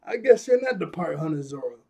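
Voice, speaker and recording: A man voicing a vain, menacing female pirate captain from a cartoon, speaking in a low, quiet, taunting way. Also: very animated, fast talker, vocal fry.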